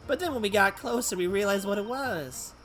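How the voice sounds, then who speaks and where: A man's voice: sits high, brisk, a bit bright, slight background noise. A man voicing a chatty wife in a put-on Southern-belle drawl, reading a courtroom game aloud. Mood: sweet, chatty. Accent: American Southern (put on). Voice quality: sugary drawl.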